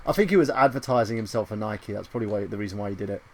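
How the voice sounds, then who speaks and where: A man's voice: fairly low pitch, slight background noise. Crude joking man hosting a podcast. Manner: crude, joking, quick to mimic voices. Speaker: podcast host. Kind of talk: casual chat about movies and games.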